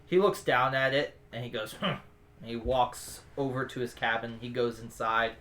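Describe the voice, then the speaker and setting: A man's voice: mid-range voice, fairly even intonation, moderate pace, a bit bright. Casual game-master man. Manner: casual, joking. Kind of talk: narrating a tabletop game.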